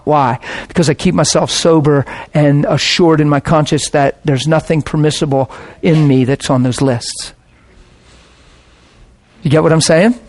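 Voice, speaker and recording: A man's voice: a little high, a little mellow. A middle-aged man, a pastor, preaching a sermon in a passionate, conversational way.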